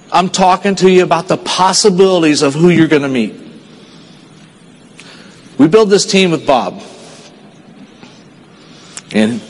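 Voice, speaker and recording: Earnest man speaking in a big hall. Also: slight background noise. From Texas. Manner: storytelling, earnest, dips low and quiet at sad moments. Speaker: motivational speaker. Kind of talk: stage speech to a conference audience.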